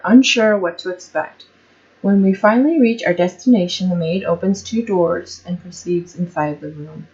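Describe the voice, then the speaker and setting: A woman's voice: mid-range voice, darkish tone, highs cut off. Woman reading a story aloud. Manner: casual, self-correcting asides.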